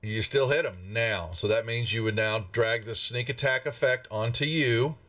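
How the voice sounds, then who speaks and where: A man's voice: mid-range voice, normal speed, pushed and bright, distant mic. A man, narrating a tabletop game as game master in a casual, rambling way. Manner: casual and rambling, with many fillers.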